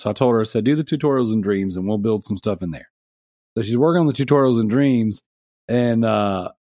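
A man's voice: medium pitch, gravelly, darkish tone, dry recording, clean studio sound. A man in his thirties hosting a casual gaming podcast, chatty and rambling, laughing often. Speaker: podcast host.

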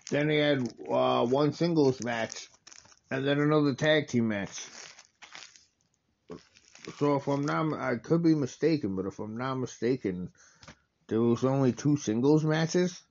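A man with a gravelly, fry-laden voice gives loose, casual commentary over a wrestling match he is watching. He rambles, corrects himself mid-thought and sounds plainly enthusiastic. The recording is slightly dull and lo-fi. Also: mid-range voice, unhurried, pauses often, darkish tone, a little hiss or hum. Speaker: wrestling watch-along host.

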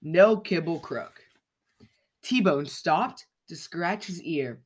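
Slow, expressive children's story reader. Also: medium pitch, husky. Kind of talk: storybook read-aloud for kids.

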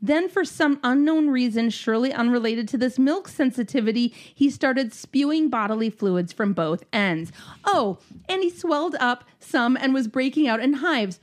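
A woman's voice: sits high, expressive, moderate pace. Sarcastic young woman telling a story. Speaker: storyteller reading a listener's story. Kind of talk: reading aloud a story.

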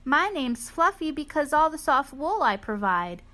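A woman reading aloud as a kindly, gentle sheep in a children's storybook. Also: high voice, very animated, unhurried, voice pushed up, heavily acted. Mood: reassuring.

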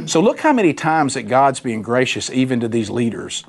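A man's voice: mid-range voice, sing-song, normal speed, creaky, few pauses. A man teaching a Bible study in a folksy, conversational way, acting out the voices of Bible figures.

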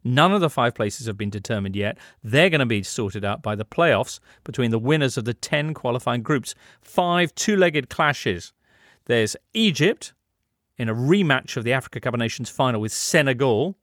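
A man hosting a sports show, brisk and chatty as he runs through results and brings in guests. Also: mid-range voice, animated, fairly bright tone, dry recording, studio quality. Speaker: host. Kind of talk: sports radio presenting.

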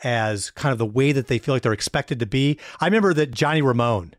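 A man's voice: medium pitch, a little fast, dry recording, clean studio sound. A man hosting an interview show, thanking his guest and reflecting casually. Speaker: host.

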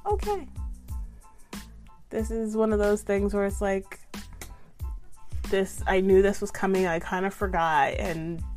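A young adult woman telling a frustrated storytime, swearing freely and laughing often. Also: on the low side. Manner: profane, animated, laughs often. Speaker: vlogger. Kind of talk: casual storytime monologue.

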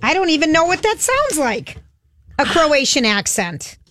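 An upbeat woman co-hosting radio, her voice a touch higher than most. She reads announcements briskly on a studio microphone with a dry, close sound. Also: very animated, a bit bright, no echo. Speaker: radio co-host. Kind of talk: casual radio chat.

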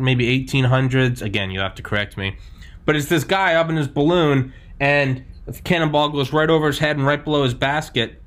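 A man's voice: mid-range voice, a bit bright. A man in his thirties hosting a podcast, talking in a loose, rambling, chatty way full of "like" and "man". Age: 30s. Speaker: podcast host. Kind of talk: casual chat.

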